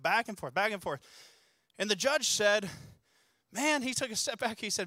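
A man with a high, bright and forceful voice delivers a sermon as a pastor. He tells stories casually with many restarts and pushes toward urgent exhortation. The sound is dry and close. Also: animated, a little fast, dry recording. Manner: conversational storytelling with many restarts.

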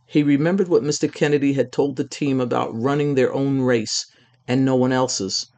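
A man's voice: mid-range voice, steady tone, moderate pace, darkish tone. Man reading a children's story. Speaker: narrator.

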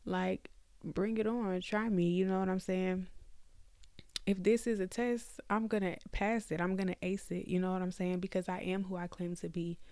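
A woman's voice: lowish voice, level tone, normal speed, darkish tone, no room sound, clean studio sound. A young woman hosting a faith podcast, talking candidly and conversationally to her listeners from her bed at home. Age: young adult. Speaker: podcast host.

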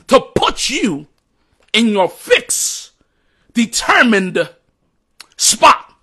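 A man's voice: sits high, big pitch swings, extremely slow, long pauses, bright, forceful tone, husky. A man preaching a sermon in an emphatic, repetitive cadence, closing in prayer.

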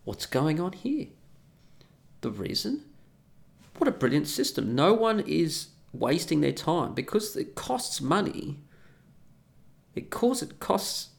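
A man's voice: medium pitch, creaky. A man in an opinionated, casual ranting monologue who swears freely.

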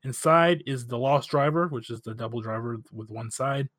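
Male podcast co-host, relaxed recap, dry close sound. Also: medium pitch, normal speed, dry recording. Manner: relaxed, recaps plots then chats. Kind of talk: casual episode recap and review.

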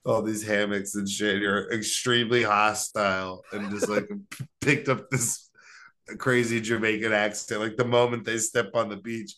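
A man's voice: on the low side, flat delivery, normal speed, sharp tone. Laid-back young man riffing with a chuckle. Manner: rambling, laughing, riffing on silly scenarios. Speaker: podcast co-host. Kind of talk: casual podcast banter.

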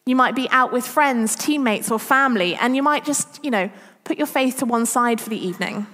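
High-pitched woman, preaching in a church hall, long reverb, chatty and animated. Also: fairly quick. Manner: chatty, self-deprecating, animated retelling. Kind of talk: church talk.

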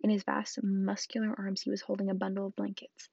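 Soft-spoken woman reading a storybook aloud. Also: mid-range voice, monotone, fairly quick, creaky, slightly rough, no echo, dull audio. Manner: soft, often whispered reading. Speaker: book reader.

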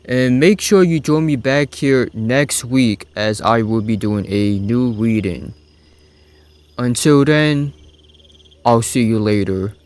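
A man hosting a bedtime-story show, reading lyrics aloud slowly and softly, with sudden high swoops on single words. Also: smooth. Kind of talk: slow, soft bedtime reading.

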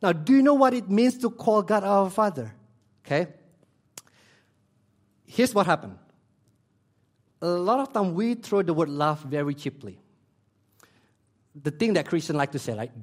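A man pastor preaching a sermon with passion, repeating key phrases and swinging between loud emphasis and hushed near-whispers. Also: high-pitched, expressive, moderate pace, long pauses. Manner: emphatic repetition, non-native grammar slips.

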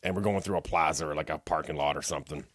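A man's voice: a bass voice, very fast, no room sound, studio quality. A man on a casual podcast, telling a story and acting out the people in it. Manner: animated storyteller who acts out the people in his tale. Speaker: podcast co-host.

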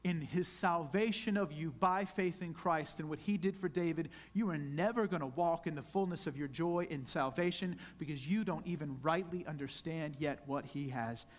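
High-voiced male pastor preaching earnestly. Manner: earnest, intimate preaching, drawn-out emphasis on scripture; addresses the congregation directly as "church". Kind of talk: sermon.

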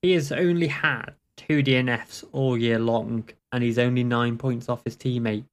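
A man's voice: mid-range voice, fairly even intonation. Laughing, jokey man. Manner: laughs often, swears freely, quick and jokey. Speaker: podcast co-host. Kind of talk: casual motorsport chat.

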